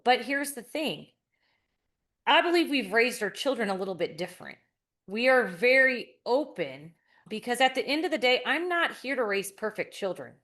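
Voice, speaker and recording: A woman's voice: a little high, a bit bright. Sincere woman guest telling a story. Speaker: podcast guest. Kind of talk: casual conversation.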